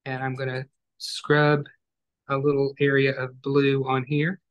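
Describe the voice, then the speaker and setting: Slow, calm male painting instructor. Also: mid-range voice, smooth, dull audio. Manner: calm, step-by-step, gentle instructions. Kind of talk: online painting class demonstration.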